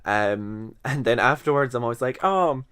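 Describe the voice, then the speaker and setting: A man's voice: on the low side, normal speed. A man in his twenties with a mild Scottish accent, chatting unscripted to camera about his teaching, rambling and self-deprecating. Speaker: English teacher. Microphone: camera in front of him.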